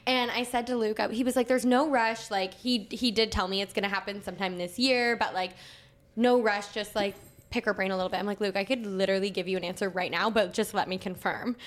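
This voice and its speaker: A young woman co-hosting a podcast, gushing and excitable in casual chat, saying "like" often. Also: medium pitch, quick pace. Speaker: podcast co-host.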